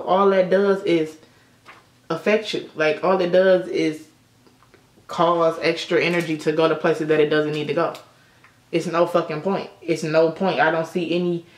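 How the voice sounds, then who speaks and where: A woman's voice: low voice, echoey room. A young woman chatting casually through a makeup tutorial, telling stories with a lot of swearing. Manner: chatty storytelling with frequent swearing. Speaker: beauty vlogger. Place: indoor room at sunset.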